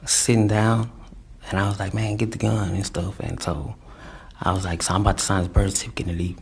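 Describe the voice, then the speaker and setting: A man testifying in court, telling his story in a rambling, halting way full of fillers and restarts. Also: deep voice, steady tone, breathy edge. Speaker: defendant testifying.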